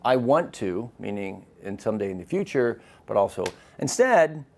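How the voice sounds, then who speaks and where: A man's voice: on the low side, very animated, moderate pace, creaky, darkish tone. A man, a physician giving a live lecture, who talks to the audience and asks them questions.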